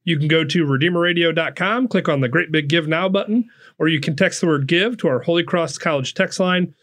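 A man's voice: on the high side, brisk, fairly bright tone. A man hosting a radio fundraiser, upbeat, reading out donor names and phone numbers. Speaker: radio host.

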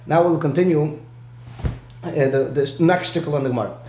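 A man's voice: a little high, brisk, a little mellow, roomy sound, slight background noise. A man giving a one-on-one Talmud lesson, explaining step by step and often checking in with "right?". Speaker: Talmud teacher.

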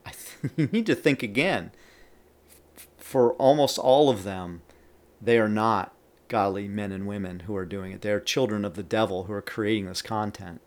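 Speaking in a fairly low voice at a moderate pace, a man teaches the Bible on a podcast. He reads passages with extra emphasis and pauses between verses to offer commentary.

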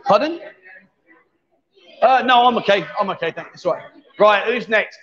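A man's voice: high-pitched, moderate pace, a bit bright, highs cut off. A man hosting a live stream from a bar, chatting and bantering casually with a jokey manner. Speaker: livestream host. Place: busy bar with a pool table.

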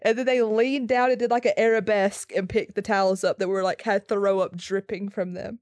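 A young woman, a podcast co-host, tells her story with a slightly raspy, hoarse edge and quick, animated asides. Her pitch sits mid-range for a woman. The sound is close and dry, with no room echo. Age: young adult. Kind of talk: casual storytelling chat.

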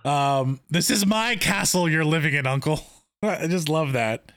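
A man's voice: on the high side, measured pace, fairly bright tone, no room sound, studio quality. A man co-hosting a casual chat about a TV episode, retelling scenes with enthusiasm and lots of fillers. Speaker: podcast co-host.

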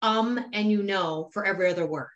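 A woman's voice: mid-range voice, a little fast, lo-fi sound. A woman co-hosting a casual chat podcast, ranting bluntly and with exasperation about pet peeves. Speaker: podcast co-host.

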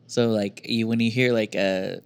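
A man hosting a podcast in casual chat, animated and swearing freely. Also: on the low side, moderate pace, smooth. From Oklahoma. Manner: animated, swears freely, mimics voices in quotes. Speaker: podcast host.

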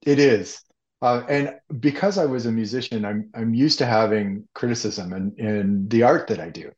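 Measured man on a dull, lo-fi line. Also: lowish voice, a little mellow. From Ohio, US Midwest. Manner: measured and reflective, with small restarts. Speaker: author guest. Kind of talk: interview conversation. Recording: dull, slightly lo-fi sound.

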